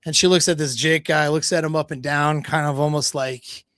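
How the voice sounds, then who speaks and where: A dating coach on a livestream, casually retelling a story with laughs, false starts and stumbles. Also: male voice, fairly high pitch, steady tone, moderate pace, fairly bright tone, no room sound.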